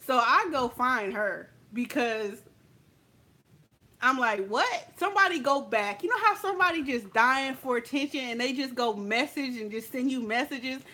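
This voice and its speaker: Sassy woman vlogger with a high voice, chatting straight to the viewer. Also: lively intonation, normal speed, pushed and bright. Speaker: makeup vlogger. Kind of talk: casual story time chat.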